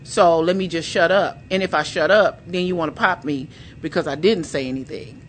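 A woman on a podcast in casual chat, an animated storyteller who acts out the quotes in her stories. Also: lowish voice, moderate pace, slight background noise.

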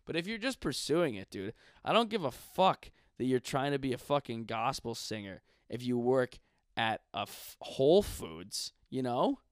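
A man's voice: mid-range voice, big pitch swings, normal speed, no room sound, clean studio sound. A man in his twenties, a stand-up comedian from Buffalo, delivering a profane, slangy comedic rant. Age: 20s.

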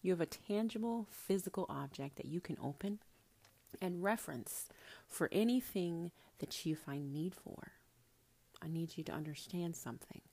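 A woman's voice: on the low side, expressive, moderate pace, vocal fry. A woman calling herself a prophetess gives a casual spiritual talk to the camera. She is intimate and coaxing, calls the listener honey, swears casually and sometimes drops to a whisper. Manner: drops into soft whispers at times. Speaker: self-described prophetess.

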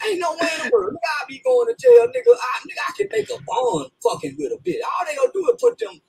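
A man's voice: extremely high pitch, sing-song, fast, vocal fry, rough recording. A man ranting profanely and comically, laughing and half-crying through his words. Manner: rants, laughing as he talks. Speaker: commentator in a played clip.

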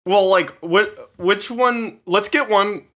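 A man's voice: high voice, slow pace, fairly bright tone. A young man co-hosting a podcast, rambling and giggling through casual chat with lots of fillers. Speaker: podcast co-host.

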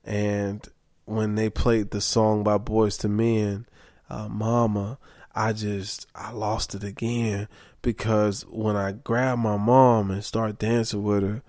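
Sleep-deprived young man, low-pitched, candid casual monologue, dry close sound. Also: level tone, slow, darkish tone, no echo. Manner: candid, emphatic, says okay often. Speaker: vlogger.

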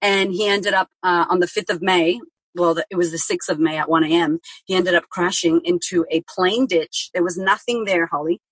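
A woman with a lowish, husky voice tells her story candidly as a podcast guest. She speaks frankly and vividly, swears now and then, and acts out the things she said at the time. The recording is close and dry. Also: steady tone, normal speed, no room sound, poor audio.

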